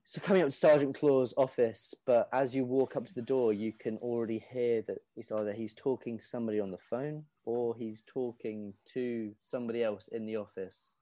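A man's voice: medium pitch, fairly even intonation, brisk, few pauses, mellow, no room sound. A man narrating a tabletop role-playing game as game master, in casual, filler-heavy speech.

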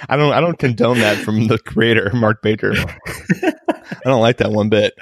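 A man's voice: on the low side, moderate pace, dry recording. A man co-hosting a podcast in casual chat, joking and laughing often. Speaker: podcast co-host.

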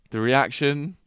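Sweary, enthusiastic man, smooth voice. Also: mid-range voice, a bit bright, no room sound, clean studio sound. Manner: enthusiastic, sweary, emphatic lists. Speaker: podcast co-host. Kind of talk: casual film discussion.

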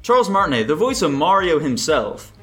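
A man hosting a casual podcast over an online voice call, animated, swearing freely and throwing questions to his friends. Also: on the high side, a little fast, soft background music. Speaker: podcast host. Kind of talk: casual chat.

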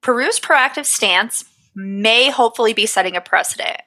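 A woman's voice: a little high, moderate pace, sharp tone, rough recording. A woman co-hosting a casual podcast, reading her research notes aloud with profane, jokey asides. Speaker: podcast co-host.

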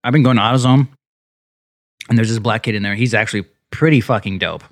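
A man tells animated anecdotes at a quick clip, swearing freely. His voice is close and dry, with no room sound. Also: lowish voice, no room sound. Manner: fast, profane, animated anecdotes. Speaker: podcast co-host. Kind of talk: casual chat.

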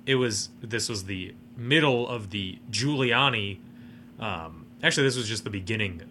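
A man's voice: fairly low pitch, animated, normal speed, bright, forceful tone, a little hiss or hum. A man co-hosting a podcast, chatting casually about a movie in an analytical, sardonic way. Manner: analytical, hedging, sardonic asides. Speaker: podcast co-host. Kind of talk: casual movie review chat.

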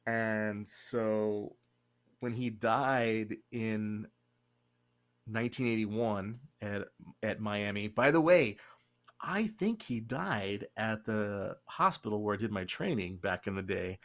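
A young man hosting a casual podcast chat, rambling and joking with quick asides. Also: on the low side, fairly bright tone. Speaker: podcast host.

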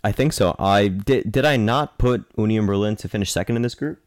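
On a sports podcast, a co-host with a lowish voice speaks briskly in a playful, chatty back-and-forth, regularly self-correcting partway through sentences. The studio audio is clean with no echo.

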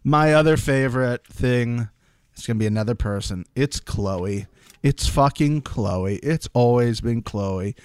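Animated, swearing male podcast co-host. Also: mid-range voice, unhurried, clear, resonant tone, dry recording. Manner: animated storytelling, frequent swearing. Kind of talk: casual recap chat.

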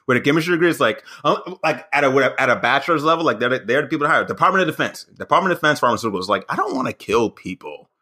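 A man's voice: medium pitch, racing, hardly any pauses. A man in his thirties, a stand-up comic guest on a podcast, telling stories in casual chat with many fillers and restarts. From American South. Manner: animated storytelling, frequent fillers and restarts.

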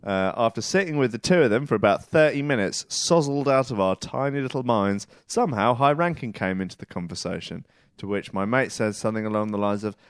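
A man's voice: lowish voice, fairly quick, hardly any pauses, clean tone, dry recording, studio quality. A man co-hosting a podcast, reading out a listener's message with wry asides. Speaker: podcast co-host.

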